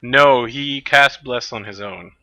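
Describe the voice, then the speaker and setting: Man, game master, tabletop narration, matter-of-fact, tense bright tone, lo-fi sound. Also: medium pitch, slow pace, no echo.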